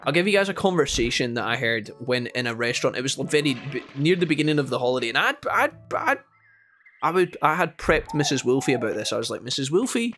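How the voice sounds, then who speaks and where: A Scottish man chatting casually to his viewers while playing a game, telling animated stories between moves. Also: medium pitch, fast talker, soft background music. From Scotland. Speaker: gaming streamer. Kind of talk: casual gameplay chat with storytelling.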